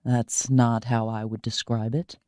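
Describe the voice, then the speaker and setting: Audiobook: woman reader playing a curt, guarded man, low dark voice, dry booth. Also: measured pace, no echo. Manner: clipped, flat, curt replies. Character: guarded, stubborn grown man, terse. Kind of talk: audiobook character voice.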